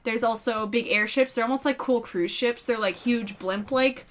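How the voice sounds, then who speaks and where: A woman's voice: a little high, moderate pace. A young woman narrating as dungeon master, talking casually with lots of fillers. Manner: casual, filler-heavy, giggly. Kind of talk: narrating a tabletop game.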